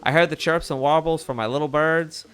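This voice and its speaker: A man voicing a chatty male bird reporter from a video game, reading the lines aloud with lively rises in pitch. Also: fairly quick, clear, resonant tone, faint music behind, natural voice.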